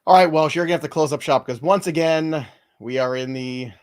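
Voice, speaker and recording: A man's voice: fairly high pitch, a little fast. A man hosting a live fantasy baseball stream, talking in wry, self-mocking running commentary as he moves through the news. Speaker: host.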